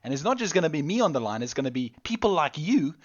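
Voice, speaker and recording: Guy putting on a stressed-out navy dock officer, rambling and fed up, pitch bouncing all over. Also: very animated, fast, dull audio. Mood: frustrated. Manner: exasperated, rambling and apologetic. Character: harried male naval dock officer.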